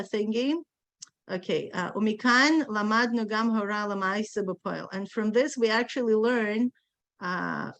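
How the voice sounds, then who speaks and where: A woman's voice: medium pitch, a bit bright, no room sound. A woman teaching a casual Torah study session, emphatic, using many fillers and translating texts aloud.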